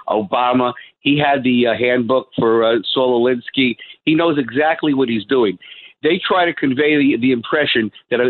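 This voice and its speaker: A man calling in to a talk radio show, insistent and lecturing. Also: mid-range voice. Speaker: caller. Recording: tinny phone line.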